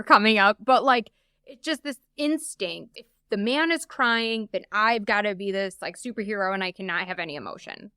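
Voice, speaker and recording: Bright, crisp-voiced woman telling her story. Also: medium pitch, no echo, studio quality. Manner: chatty, open, frequent "like" asides. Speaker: podcast guest. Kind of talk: candid personal storytelling.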